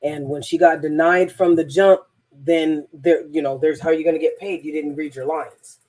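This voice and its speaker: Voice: medium pitch, steady tone, moderate pace, darkish tone. A transformational coach telling a personal story in a rambling, emphatic monologue, often repeating words.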